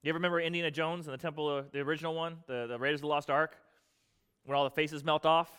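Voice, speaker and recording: A man preaching a sermon in a conversational way, with casual slang and rhetorical questions, dropping to a hushed low voice for solemn points. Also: fairly even intonation, racing, clean tone, in a large hall. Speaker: pastor.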